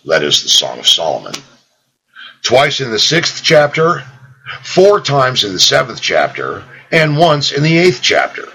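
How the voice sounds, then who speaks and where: Slow, gravelly male devotional reader. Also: mid-range voice, rough recording. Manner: slow, solemn reading with lively rises on quotations; reads out "quote" and "close quote" markers. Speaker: audiobook reader. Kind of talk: reading a Puritan devotional text aloud.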